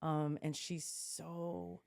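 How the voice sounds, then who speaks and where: Mellow-voiced woman chatting on a podcast. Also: low-pitched, sing-song, very slow. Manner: chatty storyteller, frequent fillers and restarts. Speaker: podcast co-host. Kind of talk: casual chat.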